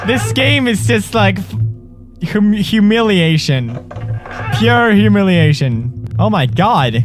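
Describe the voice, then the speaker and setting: Excitable swearing man playing a horror game. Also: sits high, slow pace. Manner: loud, excitable, swearing, yelping at scares. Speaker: gamer. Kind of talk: gaming commentary. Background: game music.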